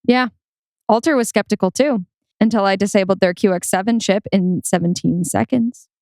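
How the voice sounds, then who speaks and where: A woman's voice: mid-range voice, moderate pace, gravelly, a little mellow, dry recording, lightly acted. An actress playing a young woman programmer, cool and dryly teasing. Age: young adult. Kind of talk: audio drama acting.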